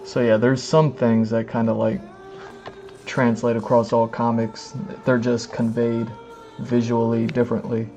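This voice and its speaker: A man streaming live as he reads comics aloud, rambling and filling every pause with "like" and "you know what I mean". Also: medium pitch, monotone, a little mellow, faint music behind. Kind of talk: casual live-stream commentary.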